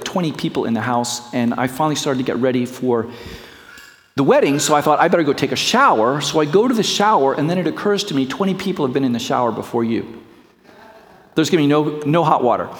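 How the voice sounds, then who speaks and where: Preaching man, long hall reverb. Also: a little high. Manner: storytelling, shifts between slow reflective and quick anecdotal. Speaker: pastor. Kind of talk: sermon.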